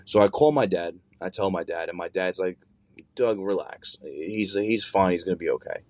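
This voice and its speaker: A man's voice: sits low, normal speed, a little mellow, dry recording. A young adult man casually telling a long personal story, rambling and swearing with many fillers and restarts.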